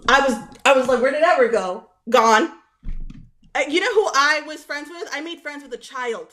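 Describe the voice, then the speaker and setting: A woman on a call-in roast show, telling exasperated stories in a lively, animated way. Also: high voice, moderate pace, a little hiss or hum. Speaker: caller. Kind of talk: casual chat on a call-in roast.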